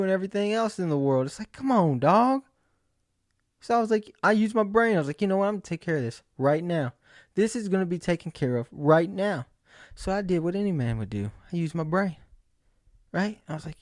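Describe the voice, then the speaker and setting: Animated, jokey man telling stories. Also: sits high, dry recording, clean studio sound. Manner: animated storyteller who acts out his own inner voice; jokey and self-mocking. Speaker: host. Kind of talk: casual solo monologue.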